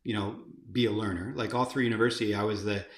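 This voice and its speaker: A man's voice: on the low side, fast, roomy sound. A man, a company chief executive, telling career stories as a guest in an interview, with lots of fillers and restarts. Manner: animated anecdotes, many fillers and restarts. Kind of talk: storytelling in an interview.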